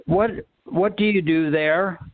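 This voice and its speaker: A man hosting a call-in talk, speaking haltingly with many pauses. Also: sits high, no room sound. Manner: halting, many ums and restarts. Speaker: host. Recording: tinny phone line.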